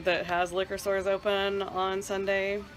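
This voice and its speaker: A woman's voice: mid-range voice, little pitch movement, measured pace, soft background music, poor audio. A middle-aged woman co-hosting a casual wine show, chatting emphatically and urging viewers on. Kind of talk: casual chat.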